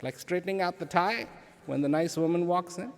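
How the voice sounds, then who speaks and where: A man giving an inspirational talk to an audience, animated, asking rhetorical questions and repeating phrases for emphasis. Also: high-pitched, a little fast. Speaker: speaker addressing an audience. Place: large event hall. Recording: long hall reverb.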